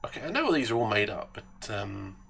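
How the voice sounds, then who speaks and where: Chatty English streamer, gravelly bright voice. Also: male voice, lowish voice, very animated, fairly quick, a little hiss or hum. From England. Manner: chatty, joking, greets and thanks viewers. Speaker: racing game streamer. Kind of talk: live-stream commentary while racing.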